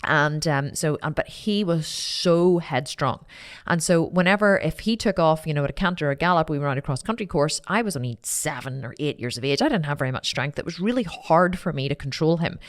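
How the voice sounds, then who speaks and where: Animated low-voiced woman telling a story. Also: brisk. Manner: candid and animated, repeats phrases, swears casually. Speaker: podcast host. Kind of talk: personal storytelling monologue.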